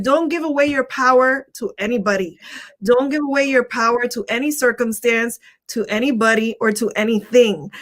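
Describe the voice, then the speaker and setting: A woman's voice: fairly high pitch, a bit bright. A woman hosting a motivational live stream, talking casually and repeating her key phrases for emphasis.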